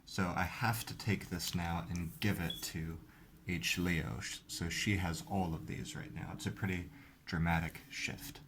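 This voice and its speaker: A man's voice: low voice, steady tone, a little slow, noisy background. A man hosting a video, casually explaining the rules of a card game step by step. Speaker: host.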